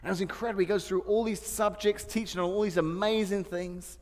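Man, high voice, pastor, sermon, funny stories, laughs a lot, long hall reverb. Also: steady tone, a little fast, a little mellow. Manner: humorous storytelling, laughs often.

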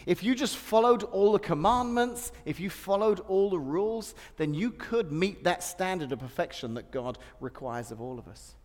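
A man with a high voice preaches to a congregation, mixing light personal stories into the sermon. He laughs often between lines. His voice rings out with a long reverb in a large church hall. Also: expressive, normal speed, few pauses. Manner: humorous storytelling, laughs often. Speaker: pastor.

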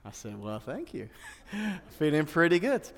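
A pastor preaching a sermon, telling humorous personal stories and laughing often. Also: male voice, fairly high pitch, wildly swooping pitch, a little slow, vocal fry. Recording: long hall reverb.

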